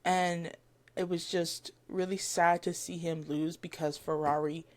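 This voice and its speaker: Excitable woman rambling to camera. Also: fairly low pitch, measured pace. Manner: rambling and excitable, with frequent fillers and self-corrections; gushing fan talk with giggles. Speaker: vlogger. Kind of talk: casual chat to camera.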